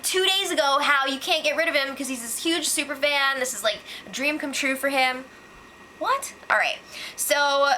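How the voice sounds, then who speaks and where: A woman's voice: high voice, pushed and bright, slight background noise, poor audio. A young woman casually recapping reality show gossip, sarcastic and full of "like" and "um". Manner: chatty, sarcastic, lots of "like" and "um".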